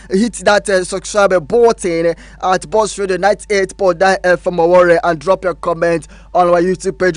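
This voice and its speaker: Nigerian male radio host, high voice, dry close studio sound, emphatic with fillers. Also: no room sound. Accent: Nigerian English. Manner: emphatic, repeats phrases, frequent fillers. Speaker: radio news show host. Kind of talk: radio talk show commentary.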